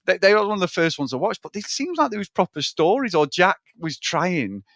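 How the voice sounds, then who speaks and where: Man, podcast co-host, casual film chat, sweary, rambling, enthusiastic, slightly high voice, dry close sound. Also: sing-song, fairly quick, gravelly, a bit bright, no room sound.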